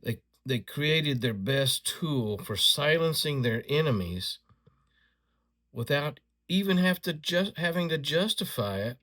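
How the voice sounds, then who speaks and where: A man's voice: fairly high pitch, lively intonation, sharp tone. A man ranting angrily to camera, indignant and insulting, often stumbling over restarts as he works himself up. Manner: halting restarts when agitated. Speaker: video creator. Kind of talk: angry ranting commentary.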